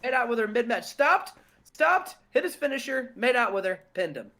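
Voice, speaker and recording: A man with a fairly high, animated voice narrating a wrestling booking game in casual chat. He laughs easily at his own slips and moves quickly between match results and backstage scenes. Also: gravelly.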